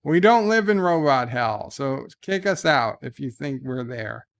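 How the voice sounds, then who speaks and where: A man with a slow, unhurried delivery and a gravelly edge to his voice. His tone stays smooth and clear as he answers viewer letters in a wry, deadpan way. This is a casual home live stream. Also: medium pitch. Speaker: vlog host reading viewer letters. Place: home, indoors.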